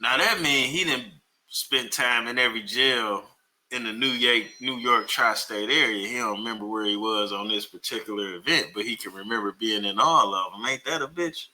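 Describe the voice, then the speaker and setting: A man's voice: medium pitch, moderate pace, sharp tone. A man reacting to an interview clip with mocking, slangy jokes. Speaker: commentary host. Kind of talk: reaction commentary.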